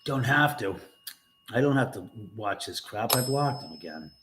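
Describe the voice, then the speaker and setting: An older man hosting a casual livestream from his house. He rambles while reading chat, swears often and breaks into sudden loud outbursts. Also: medium pitch, expressive, moderate pace. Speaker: livestream host. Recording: loud background noise.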